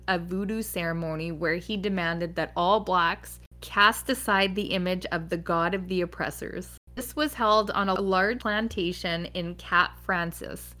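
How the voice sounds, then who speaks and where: A woman with a medium-pitched voice tells history to listeners in an easygoing podcast manner. She slips up now and then, catches her own mistakes and jokes about them. Her delivery stays conversational, like explaining something to a friend. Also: a bit bright. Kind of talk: casual history storytelling.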